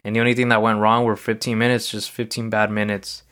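A man's voice: fairly low pitch, little pitch movement, quick pace, fairly bright tone, clear, resonant tone. A man hosting a podcast, telling a loose, rambling personal story in a casual solo monologue, full of fillers. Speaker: podcast host.

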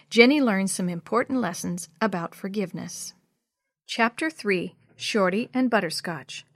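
A woman reading a chapter book aloud to children in an expressive storytelling voice. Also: medium pitch, no room sound.

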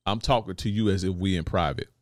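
A man's voice: low-pitched, fast talker, no echo, clean studio sound. A man hosting a podcast, talking to listeners in a blunt, slangy, profane monologue and often asking if they follow. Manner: blunt, repeats "you see what I'm saying". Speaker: podcast host.

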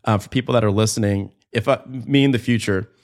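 A man's voice: fairly low pitch, quick pace, darkish tone. A man in his late twenties hosting a podcast, talking candidly and earnestly about his life, with casual fillers and swearing, close to tears at times. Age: 20s. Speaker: podcast host. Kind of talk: personal reflective monologue.

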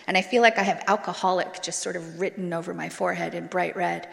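A woman's voice: on the low side, fairly even intonation, fast, vocal fry, a bit bright. A woman giving a candid personal talk to an audience, telling her story bluntly and casually, with some swearing. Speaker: speaker sharing a recovery story. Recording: long hall reverb.

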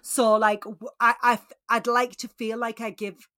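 Brief: woman podcaster, lively casual recap, big swings in volume. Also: on the high side, a little slow, dry recording, studio quality. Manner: animated, swings between loud exclaims and quiet asides. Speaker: podcast co-host.

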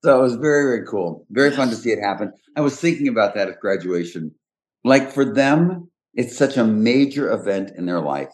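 A man's voice: mid-range voice, animated, fairly quick. An older man hosting a podcast, telling stories in a chatty way and laughing often. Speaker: podcast host. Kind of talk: casual chat.

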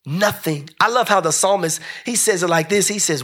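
A man preaching a lively sermon, joking with the congregation, dropping into slow low phrases and rising into high shouts. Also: breathy edge. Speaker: pastor.

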